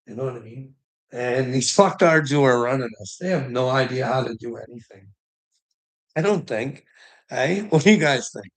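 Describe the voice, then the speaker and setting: Gravelly profane Canadian man ranting. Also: medium pitch, lively intonation, moderate pace, rough recording. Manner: rambling, profane, chuckling. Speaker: vlogger. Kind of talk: casual rant to viewers.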